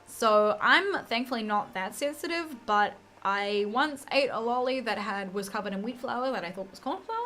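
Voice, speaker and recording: Chatty young woman with a higher voice. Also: moderate pace, hardly any pauses, a little hiss or hum. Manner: chatty storytelling, acts out quotes with bright swings. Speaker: vlogger. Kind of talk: casual chat to camera.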